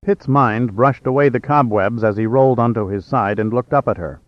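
A man narrating a novel as an audiobook reader in a steady, measured way. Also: medium pitch, no echo. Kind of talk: scripted narration. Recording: slightly dull, dry.

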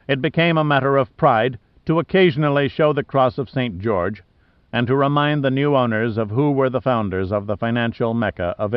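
A male audiobook narrator reads a scripted adventure novel in a measured, even storytelling style. His voice is mid-range, and the studio recording sounds dull and dry.

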